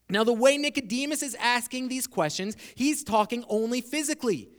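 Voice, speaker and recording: A man preaching a sermon, explaining a passage verse by verse and slowing down to stress key points. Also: very high-pitched, animated, fairly bright tone. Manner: expository preaching, slows down for emphasis. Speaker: pastor. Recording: long hall reverb.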